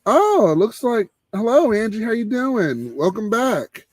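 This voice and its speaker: A man hosting a live cigar show in casual chat, laid-back and laughing, trailing off into low murmurs. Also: big pitch swings, a little slow.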